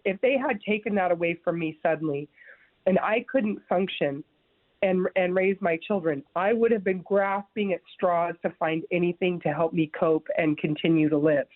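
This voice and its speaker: A woman's voice: on the low side, normal speed, no echo. A woman tells her own story in an interview, earnest and emphatic, often stumbling and restarting as she presses her point. The sound is thin and phone-like. The room around her is dry and close. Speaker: guest sharing her story. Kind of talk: interview, personal testimony.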